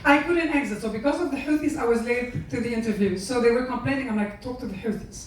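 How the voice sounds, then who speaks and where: A woman's voice: a little high, fast, a crowd in the background. A woman from Lebanon, a guest telling stories emphatically in a live interview. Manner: emphatic, opinionated storytelling. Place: event room at a peace center. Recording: echoey room, mic far off.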